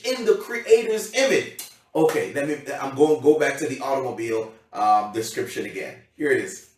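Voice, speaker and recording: A man giving an emphatic motivational seminar talk as a coach, often repeating himself and checking that his audience understands. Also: on the high side. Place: seminar room. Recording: heavy echo, from a distance.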